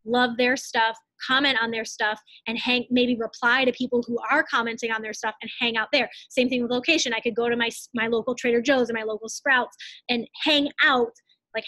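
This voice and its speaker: Young woman team coach, bright high register, blunt and breezy, dry webcam sound. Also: dry recording. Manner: fast casual, many "like"s, blunt asides. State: out of breath. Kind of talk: live online team training.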